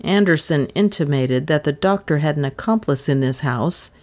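A suspicious, commanding man presses a servant with firm, imperative questions, as a woman reader puts him on. The voice stays near the narrator's own, brisk and firm, as in an audiobook. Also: low voice, darkish tone, lightly acted.

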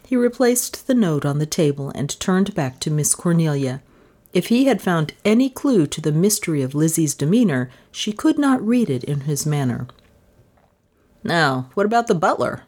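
Woman reading a novel out loud, low voice, lots of ups and downs. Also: normal speed. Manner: expressive storytelling. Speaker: audiobook narrator. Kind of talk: scripted narration.

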